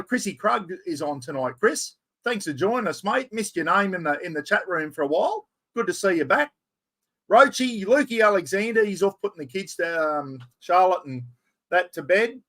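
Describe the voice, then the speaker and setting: Casual Australian bloke hosting a live chat, a touch higher-voiced, friendly slang-heavy delivery. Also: male voice, a bit bright. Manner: chatty, greets viewers by name, broad slang. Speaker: livestream host. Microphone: external microphone.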